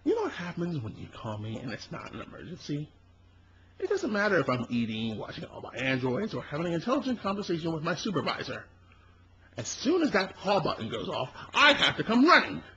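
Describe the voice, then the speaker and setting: Man playing a tired three-headed alien lackey, high and bright, exasperated, huge pitch swings, lo-fi fan audio drama. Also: wildly swooping pitch, fairly quick, background noise. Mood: complaining. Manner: exasperated complaining, sudden loud outbursts. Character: weary three-headed male alien servant, put-upon.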